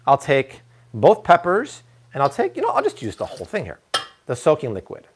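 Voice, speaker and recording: A man's voice: on the high side, brisk, background noise. A man hosting a live cooking stream from a kitchen, chatty and full of jokes. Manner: animated, jokey, chatty. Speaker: cooking show host.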